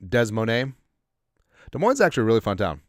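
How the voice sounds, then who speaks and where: A man hosting a casual sports livestream, rambling as he reads out viewer shout-outs, a little congested. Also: medium pitch, wildly swooping pitch, fairly quick, no room sound, studio quality. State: congested, coughing. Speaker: podcast host.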